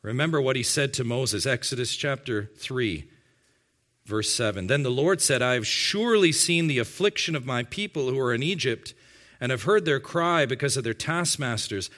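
Bright-voiced man preaching with emphasis. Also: mid-range voice. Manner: emphatic preaching, slowing and rising on key words; addresses the congregation directly. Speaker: pastor. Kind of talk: sermon.

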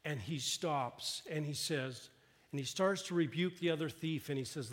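A man preaching a sermon with a fairly high voice. He builds earnest emphasis through his phrases, then drops to a hushed, quiet tone when he quotes words spoken in the story. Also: normal speed. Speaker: pastor.

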